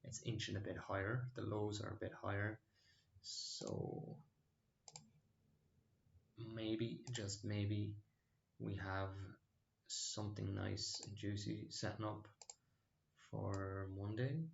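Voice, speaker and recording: A man's voice: on the low side, level tone, takes it slowly, vocal fry, pauses often, echoey room, muffled recording, a little hiss or hum. A man casually talking through his stock trades, rambling and hesitant with many fillers and restarts. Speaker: stock trading channel host. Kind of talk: casual screen-share trading recap.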